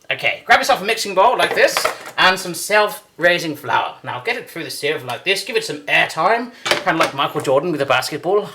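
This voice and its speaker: Male cooking host, lively sing-song delivery, goofy rambling asides. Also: fairly high pitch, noisy background. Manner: jokey, rambling, self-correcting asides. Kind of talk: comic in-character cooking demo.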